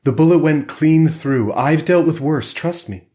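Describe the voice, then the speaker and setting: Tense, urgent women's voices from a man narrating the book. He lifts his pitch well above his own deep register and pushes the lines hard. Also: measured pace, mellow, lightly acted. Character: women characters, Price and Sierra, tense.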